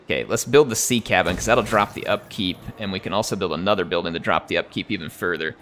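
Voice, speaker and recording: A man's voice: deep voice, fast, fairly bright tone, slight background noise. An American man with a near-neutral accent and a slight drawl, chatting in a rambling way while streaming a strategy game. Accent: General American, slight drawl. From United States. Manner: rambling and chatty, chuckles often. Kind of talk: casual live-stream chat.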